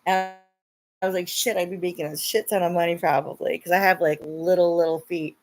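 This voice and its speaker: A woman's voice: lowish voice, steady tone, fairly quick. A young woman livestreaming and chatting with her viewers, laughing often and swearing when she gets upset. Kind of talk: casual livestream chat.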